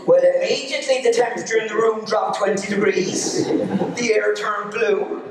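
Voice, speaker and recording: A high-pitched Irish man tells teasing, comic stories at a moderate pace during a live arts centre show. Heavy background noise runs through the clip. The hall echoes and the microphone is distant.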